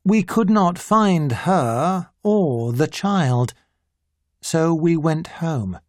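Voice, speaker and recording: An audiobook narrator reading a simplified classic story in a clear, deliberate way. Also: medium pitch, expressive, a little mellow, no room sound, clean studio sound.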